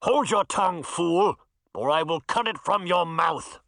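A man's voice: sits high, animated, a little slow, a bit bright, no room sound, voice pushed up, heavily acted. A menacing masked knight growls his threats in a muffled voice, played by a man reading a storybook. The sound is dry and close.

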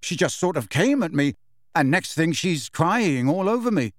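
A man's voice: fairly high pitch, big pitch swings, normal speed, dry recording, studio quality, pitched above the performer's own voice. A man reading an audiobook, voicing an awkward, embarrassed teenage schoolboy who talks hesitantly. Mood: sheepish. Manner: hesitant, sheepish. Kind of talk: audiobook character voice.

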